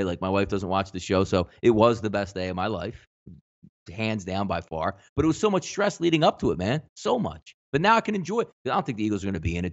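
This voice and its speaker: Effusive man with a lively voice. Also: lowish voice, muffled recording. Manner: effusive, gushing storyteller. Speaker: guest betting analyst. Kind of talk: casual podcast banter.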